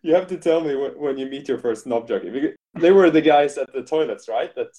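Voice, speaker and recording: A man co-hosts a relaxed hobby podcast, chatting loosely and breaking into laughter often. His voice sits at a middling pitch with a dark, mellow tone. He swears casually as he jokes. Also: a little fast. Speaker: podcast co-host.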